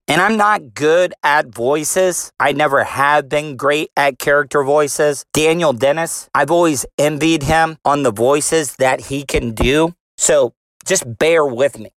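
A man's voice: fairly high pitch, a bit bright, no room sound. A man giving a heated, sarcastic political rant in a casual monologue, swearing freely. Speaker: political commentary vlogger.

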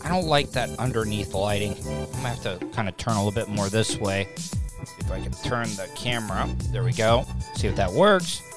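A man's voice: on the low side, lively intonation, a little fast, music in the background. A man hosting a casual live podcast from a home studio, rambling and self-deprecating, often repeating himself. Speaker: podcast host. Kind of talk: casual live-stream chat. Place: home studio lit with lamps. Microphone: desk podcast mic with a mixing board.

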